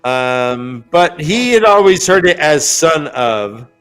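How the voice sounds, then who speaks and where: A man's voice: a little high, sing-song, a bit bright, smooth, faint music behind. A man hosting a casual book podcast, playfully recapping chapters and acting out the scenes. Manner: playful recapper who acts out scenes in quick voices. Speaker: podcast host.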